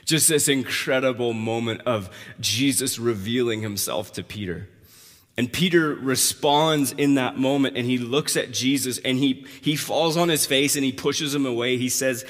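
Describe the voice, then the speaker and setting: A male pastor preaching a conversational sermon that rises to emphatic, loud passages. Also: medium pitch, moderate pace. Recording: long hall reverb.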